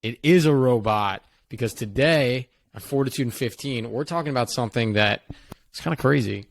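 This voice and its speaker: A man's voice: medium pitch, normal speed, creaky, dry recording. A young adult man co-hosting a podcast in casual, playful chat. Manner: playful, makes silly robot beeps. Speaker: podcast co-host.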